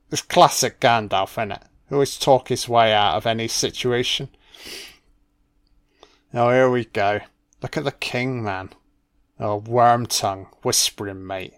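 A man talks through a film at an unhurried pace, his voice smooth and clear. He drops in relaxed, profane asides of admiration as scenes play. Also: medium pitch. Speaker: film commentator. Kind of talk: casual film commentary.

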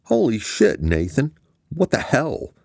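A man voicing a gruff older male official on the phone in an audiobook, cursing and demanding. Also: rumbling low, expressive, a little slow, a little mellow, no room sound, studio quality, full character voice.

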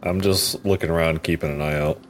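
Very deep, stern-sounding man player. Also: fairly even intonation, brisk. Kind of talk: tabletop role-play chat.

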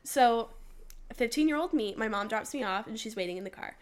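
Here a young podcast co-host chats casually through her stories, speaking on the high side, expressively and somewhat fast. Quotes get acted out, and "like" turns up constantly.

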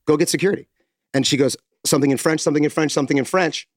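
An American man telling a story in casual chat, animated, acting out quotes and swearing. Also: a little high, very fast, no echo, studio quality. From United States. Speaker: podcast host telling a story.

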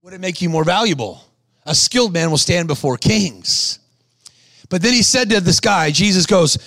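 A man's voice: high-pitched, brisk, dry recording. A man preaching a sermon, telling stories with acted-out voices and exhorting the crowd. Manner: animated storytelling, acts out quoted voices.

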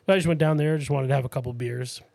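Rapid-fire and full of vocal fry, a male co-host from Massachusetts spins rambling stories on a casual podcast, with lots of fillers, laughs and curses. His mid-range voice has a darkish tone and there's no echo.

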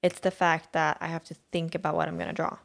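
A woman's voice: low voice, level tone, fast, gravelly, fairly bright tone. A woman co-hosting a podcast, chatting casually and rambling with many fillers and restarts. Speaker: podcast co-host. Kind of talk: casual chat.

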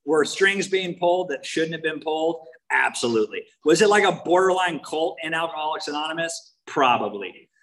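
A man's voice: fairly high pitch, expressive, normal speed, few pauses, a bit bright, low-quality recording. A man from the United States with a Californian accent, giving a candid, wry personal talk as main speaker at a recovery meeting.

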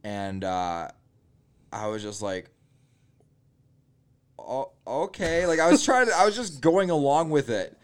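A man's voice: medium pitch, sing-song, normal speed, clean tone. Man telling a crude story. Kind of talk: casual comedy podcast chat.

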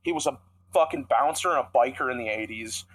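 A man's voice: medium pitch, quick pace, a bit bright, husky, rough recording. A young man co-hosting a podcast, telling a rambling, profanity-heavy story in casual chat. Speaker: podcast co-host.

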